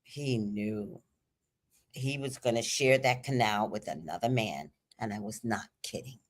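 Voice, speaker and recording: A woman host telling a candid personal story on a livestream, animated and profane, swinging between loud emphasis and hushed asides. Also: extremely low pitch, a little slow.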